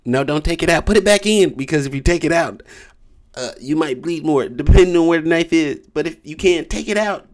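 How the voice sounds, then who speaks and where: A man's voice: on the high side, a little fast. Joking, rambling man reading tarot. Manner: rambling, joking, stumbles over read-aloud text. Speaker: tarot reader.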